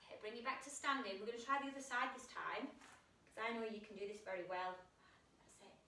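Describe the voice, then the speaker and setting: A woman's voice: a little high, fast talker, pushed and bright, slight background noise. A woman guiding a children's yoga class, playful and encouraging, heard from a distance in a roomy space. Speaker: kids yoga instructor.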